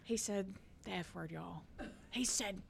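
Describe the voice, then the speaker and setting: A woman, co-hosting a podcast and telling stories in a casual, animated way, laughing and building to loud peaks. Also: medium pitch, measured pace, creaky, slightly rough. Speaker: podcast co-host. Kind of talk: casual storytelling chat.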